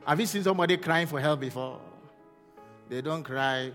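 A man preaching a fervent sermon as pastor, rising to shouts and asking the congregation questions. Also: fairly high pitch, normal speed, big-room sound, soft background music.

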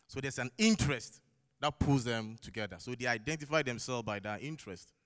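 In a church hall with the long echo of a large space, a man with a non-native English accent preaches a sermon in a mid-range, expressive, fairly quick and slightly bright voice. He is emphatic, putting rhetorical questions to the congregation and repeating key phrases.

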